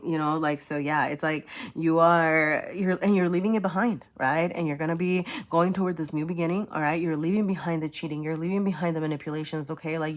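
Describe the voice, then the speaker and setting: A woman doing a casual tarot reading, rambling with many fillers and often checking in with "right?" and "okay?". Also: low voice. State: choked up at times. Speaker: tarot reader.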